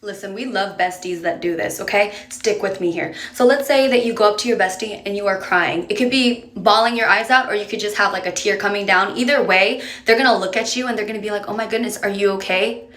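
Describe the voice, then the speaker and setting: A woman's voice: medium pitch, fairly quick, hardly any pauses, a bit bright. Chatty woman giving direct advice, roomy echo. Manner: direct, chatty, coaxing the viewer along. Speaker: advice creator. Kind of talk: casual advice monologue to camera.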